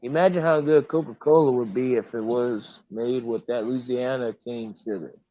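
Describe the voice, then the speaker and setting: A man's voice: mid-range voice, normal speed, mellow, dry recording. A man calling into a livestream by phone, chatting casually and repeating himself. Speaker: co-host on phone. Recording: slightly dull phone audio.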